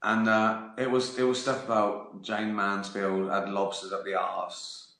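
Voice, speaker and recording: A man in his fifties hosts his own live stream, telling rambling anecdotes with frequent laughs and free swearing in a casual storytelling chat. His fairly low voice is a bit bright but completely flat in delivery, unhurried, with a roomy echo.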